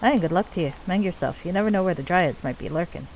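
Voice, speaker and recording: A woman voicing a gruff male dwarf clan leader, weary of endless war, in a put-on Scottish accent. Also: lowish voice, fast, a little mellow, a little hiss or hum, natural voice, low-quality recording. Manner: gruff, archaic folksy dwarf speech. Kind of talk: reading game dialogue aloud.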